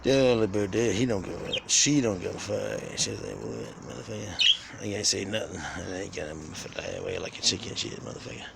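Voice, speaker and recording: A man's voice: low-pitched, brisk, vocal fry, few pauses. A man filming his birds on a phone in an outdoor aviary, joking crudely and talking straight to them. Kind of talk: casual profane vlog. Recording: noisy with birdsong.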